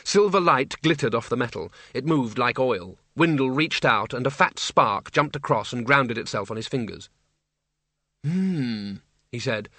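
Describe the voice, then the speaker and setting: A man narrates a comic fantasy novel in a measured, dry storytelling manner. His tone is bright and clear. The recording is close and dry. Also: mid-range voice, lively intonation, no room sound. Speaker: audiobook narrator. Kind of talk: scripted narration.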